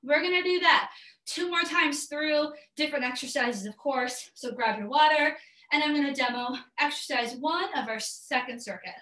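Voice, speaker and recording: A woman's voice: high voice, normal speed, bright, forceful tone. A woman leading a live workout class, coaching with cheers and countdowns while out of breath. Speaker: fitness instructor. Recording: echoey room from far off, music behind.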